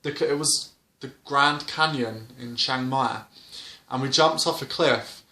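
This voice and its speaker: A young man with a bright, sharp voice tells a casual story straight to camera. He rambles, restarts and leans on fillers as he goes. The room around him sounds noticeably echoey. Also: medium pitch, measured pace. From Britain. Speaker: vlogger. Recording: roomy indoor echo.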